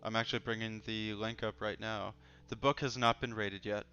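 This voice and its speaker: A man's voice: lowish voice, flat delivery, normal speed, bright, forceful tone, smooth. Laid-back man hosting a livestream chat. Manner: easygoing, joking, reads chat aloud. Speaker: host. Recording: dull lo-fi stream audio with faint music.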